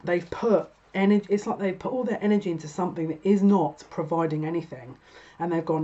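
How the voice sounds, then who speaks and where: A woman's voice: on the low side, fast talker, warm tone, lo-fi sound, slight background noise. A woman giving a tarot card reading, chatty and exasperated, with laughing asides. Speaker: tarot reader.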